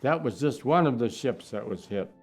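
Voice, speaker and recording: A man's voice: mid-range voice, lively intonation, moderate pace, darkish tone. A man over a hundred years old, a war veteran from Minnesota, telling his memories in a documentary interview and acting out the remembered dialogue. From Minnesota, United States. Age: 100s. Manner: reflective, acts out remembered dialogue.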